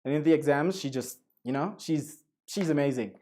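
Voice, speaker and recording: A man gives a relaxed online lecture to students. His voice is warm and mellow and sits a little high, and he talks in a chatty, coaxing way, dropping into Spanish asides. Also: moderate pace. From Jamaica. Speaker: guest lecturer.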